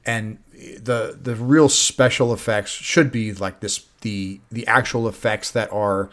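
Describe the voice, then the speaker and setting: A man's voice: fairly low pitch, fairly even intonation, slow, a bit bright. A man hosting a casual movie review chat, recapping the plot with swearing and laughter. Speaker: movie review podcast host.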